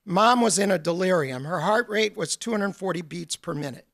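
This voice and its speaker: A man's voice: high voice, animated, moderate pace, a bit bright, dry recording, studio quality. A man giving a lecture as a guest speaker, telling stories with humor. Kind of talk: storytelling lecture.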